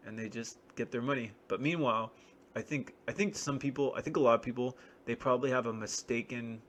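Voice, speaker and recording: A man's voice: medium pitch, a bit bright, a little hiss or hum. A man talking in a rambling, wry, self-deprecating solo monologue. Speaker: vlogger.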